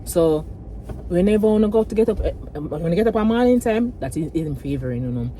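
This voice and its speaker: A woman's voice: on the low side, expressive, brisk, warm tone, slight background noise, poor audio. Earnest Jamaican woman testifying in a car. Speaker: vlogger. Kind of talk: casual chat.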